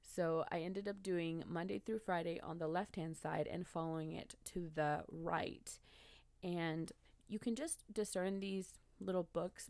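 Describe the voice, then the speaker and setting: A woman with a somewhat low voice narrates her planner in a relaxed, rambling way, often correcting herself and laughing softly. The recording is dry and close, with no room sound. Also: dry recording. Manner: chatty, rambling, self-correcting with small laughs. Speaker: bullet journal vlogger. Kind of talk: casual voice-over narration.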